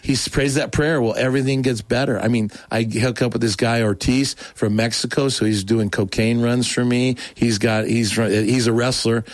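Lively man telling a personal story. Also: medium pitch, moderate pace, few pauses, dry recording. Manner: animated, acts out quoted dialogue, many restarts. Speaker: guest telling his life story. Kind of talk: casual storytelling testimony.

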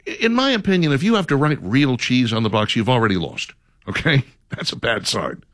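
A man's voice: medium pitch, big pitch swings, brisk, fairly bright tone, no echo. A man hosting a casual radio chat, reading a list aloud with dry, sarcastic commentary. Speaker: radio show host.

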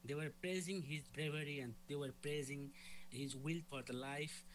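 A man's voice: fairly high pitch, fairly even intonation, moderate pace, slight background noise, rough recording. A male correspondent reporting from the field, hesitant with many fillers. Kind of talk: news report.

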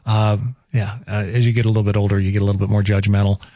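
A man's voice: fairly low pitch, level tone, racing, warm tone, no echo. A man hosting a morning radio show, chatting casually and rambling through the weather. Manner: folksy, rambling, chuckling asides. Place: radio studio. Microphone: studio microphone.

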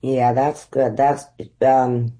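A middle-aged woman from the United States, an actress being interviewed, telling lively stories and laughing often. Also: rumbling low, slow, low-quality recording. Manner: animated storyteller, laughs often. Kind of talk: conversational interview storytelling.

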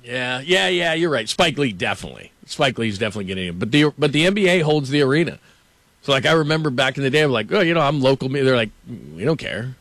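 A man's voice: mid-range voice, animated, fast, fairly bright tone, no echo. A man hosting a sports radio show, telling loose anecdotes with many fillers and frequent laughs into a studio microphone. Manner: rambling, laughs often, many "like"s. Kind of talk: casual studio banter and anecdotes.

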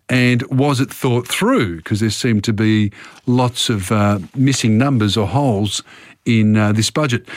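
An Australian man hosts a talk radio show from a studio microphone, casual and rambling, leaning on "uh" and "um" as he goes. His voice sits at an everyday middle pitch. The sound is close and dry, with no room around it. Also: no room sound. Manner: chatty, rambling, with frequent fillers.

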